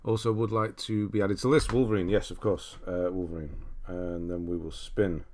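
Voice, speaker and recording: A man from Britain hosts a relaxed livestream, working through viewer comments one by one. His voice sits low and deep. He chats loosely and laughs often as he goes. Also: moderate pace, slight background noise. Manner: chatty, laughs often, reads chat aloud. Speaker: livestream host. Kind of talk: casual livestream chat reading viewer comments.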